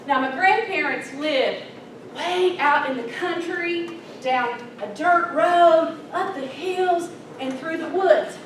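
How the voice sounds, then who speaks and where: A woman in her fifties giving a humorous Toastmasters speech, animated, breaking into song and acting out characters. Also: very high voice, slow pace. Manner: animated, sings snatches and acts out characters. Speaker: Toastmasters speaker. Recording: echoey hall, distant mic, noisy.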